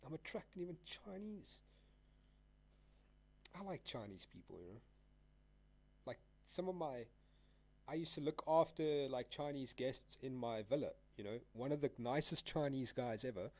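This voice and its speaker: Speaking at a medium pitch and normal speed, a young South African trading streamer chats expressively but in a laid-back manner, pausing often. He rambles, uses slang, and laughs frequently. His tone is darkish and there's no echo.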